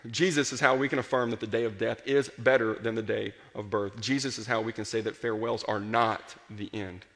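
A man delivers a sermon in an earnest, passionate way, building up to strong emphasis and then falling quiet. His voice is bright and forceful. It rings with a long reverb, as in a large hall. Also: lowish voice, fairly even intonation, a little fast. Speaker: pastor.

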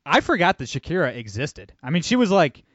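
A man's voice: fairly high pitch, sing-song, fairly quick, fairly bright tone, dry recording. A man guesting on a podcast, talking in a sardonic, rambling way with lots of fillers. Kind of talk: casual chat. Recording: dry, dull lo-fi audio.

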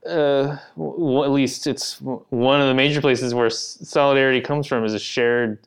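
A man's voice: medium pitch, fairly even intonation, normal speed. Thoughtful, hesitant man. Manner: thoughtful, hesitant, laughs easily. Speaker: guest author. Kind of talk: casual podcast chat.

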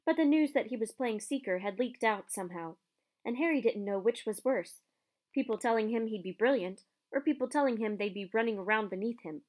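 A woman narrating a children's storybook in a measured, expressive reading. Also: medium pitch. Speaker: audiobook narrator.

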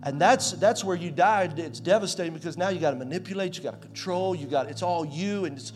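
A pastor in his forties preaching a sermon in a conversational way, swinging from loud to soft. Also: high-pitched, fairly quick, hardly any pauses, soft background music. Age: 40s.

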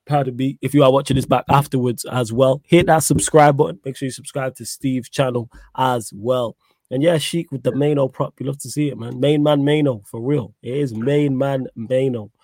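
A man hosting a live football chat stream, joking and animated, slangy. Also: mid-range voice, moderate pace, no echo. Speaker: podcast host.

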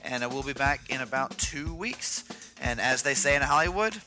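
A man's voice: mid-range voice, animated, moderate pace, music in the background. A man co-hosting a comedy podcast, bantering casually and wrapping up the episode. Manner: playful, slips into mock announcer and silly voices. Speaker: podcast co-host.

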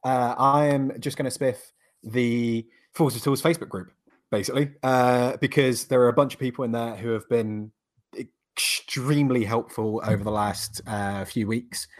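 A man's voice: mid-range voice, steady tone, moderate pace. Laid-back man hosting a chat. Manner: laid-back, lots of ums and uhs. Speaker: podcast host. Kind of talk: casual chat.

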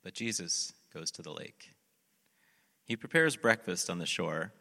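A man with a very low voice preaches a sermon, and his tone is bright and forceful. He tells the story animatedly and acts out the lines of the characters. A long reverb rings around him, as if he is in a big hall. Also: normal speed, gravelly, long pauses. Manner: animated storytelling, acting out scripture quotes. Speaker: pastor.

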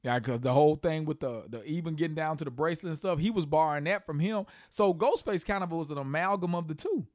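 A man's voice: fairly high pitch, quick pace, hardly any pauses, no echo, clean studio sound. A man co-hosting a casual hip-hop podcast, making his points with lots of "you know" and "exactly.". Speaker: podcast co-host.

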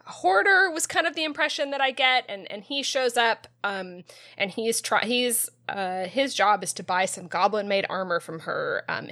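Halting woman recapping a book chapter. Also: mid-range voice, sharp tone. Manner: halting, many ums and restarts. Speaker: podcast co-host. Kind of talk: casual podcast chat, chapter recap.

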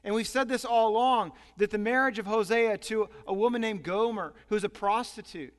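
A man preaching a sermon as pastor, animated and storytelling. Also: high-pitched, moderate pace. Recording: long hall reverb.

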